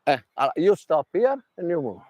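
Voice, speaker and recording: An Italian man speaking non-native English with an Italian accent, giving an animated workshop talk as a tennis mental coach, in broken English with demonstrations. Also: on the high side, moderate pace, no room sound.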